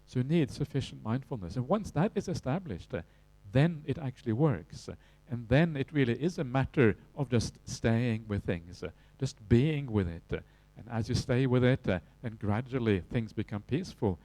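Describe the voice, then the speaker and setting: A man's voice: medium pitch, moderate pace, hardly any pauses, no echo. Norwegian guy teaching meditation, lots of uh and yeah?, dry close sound. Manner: relaxed, frequent "uh" fillers and tag questions. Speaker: Buddhist monk teacher. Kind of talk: evening dharma talk.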